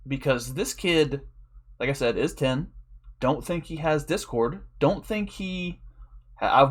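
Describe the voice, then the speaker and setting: A man telling a long, rambling story in a casual, profane way, laughing often as a draft league coach. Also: medium pitch.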